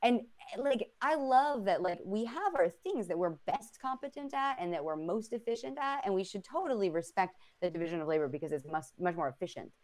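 A woman's voice: mid-range voice, lively intonation, a little fast, few pauses, a little mellow. A woman co-hosting a casual talk podcast, telling stories animatedly with many fillers. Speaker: podcast co-host. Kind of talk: casual chat.

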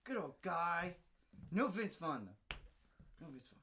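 A man's voice: a little high, very animated, takes it slowly, sharp tone, a little hiss or hum. A man co-hosting a comedy podcast, rambling and hesitant in loose banter. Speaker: podcast co-host.

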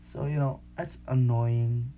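A man's voice: mid-range voice, steady tone, slow, muffled recording, slight background noise. A young man hosting a podcast in casual chat, slangy and rambling, often laughing. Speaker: podcast host.

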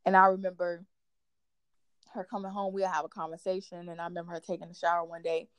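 A woman's voice: lowish voice, quick pace, dry recording. Chatty young woman hosting, dry close sound. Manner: animated storyteller, fills talk with "like". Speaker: podcast host. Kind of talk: casual chat.

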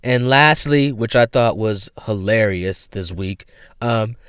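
A young man rants through a casual podcast monologue, cursing freely and breaking into laughter. His voice comes through smooth and clear, with a close, dry sound and no room around it. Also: lowish voice, slow, dry recording. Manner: profane, animated storytelling with frequent laughs. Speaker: podcast host.

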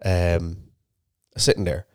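A man's voice: low-pitched, flat delivery, slow pace, no room sound. Sweary man telling a story. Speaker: podcast co-host. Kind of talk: casual chat.

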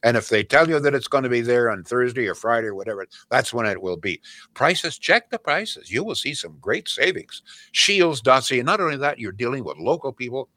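Bright, rambling older radio host. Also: male voice, mid-range voice, expressive, a little fast, dry recording. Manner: rambling storyteller, laughs at own stories. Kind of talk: casual radio chat and live ad read.

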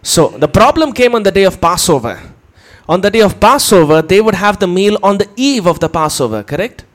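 A man with a high, light voice delivers a teaching sermon. He explains things patiently, point by point, and often turns to his listeners with a quick question. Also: sing-song. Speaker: preacher.

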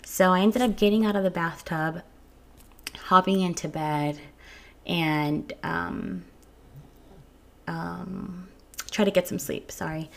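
Young woman vlogger, candid home storytelling, low-ish voice with a lot of vocal fry. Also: fairly even intonation, slow, pauses often. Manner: candid and frank, swears freely, frequent restarts and little laughs. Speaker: vlogger telling her birth story. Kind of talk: casual storytelling to viewers. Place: at home early in the morning.

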